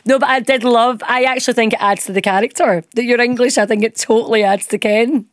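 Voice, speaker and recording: A woman's voice: fairly high pitch, steady tone, fast, no echo. Scottish woman asking the questions, bubbly and chatty, dry close sound. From Scotland. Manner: chatty, enthusiastic, laughs easily. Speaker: interviewer. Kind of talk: casual interview chat.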